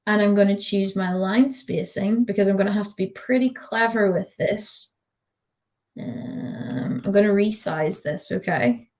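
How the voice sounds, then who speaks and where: A woman's voice: mid-range voice, darkish tone. A woman tutor giving a live online design tutorial over a video call, chatty and giggly with lots of fillers.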